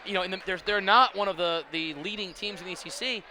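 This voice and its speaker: Male color commentator, high voice, rambling emphatic analysis, gym noise clear behind. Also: fast, pushed and bright, a faint crowd. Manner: rambling, many restarts and fillers, emphatic analysis. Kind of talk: basketball commentary.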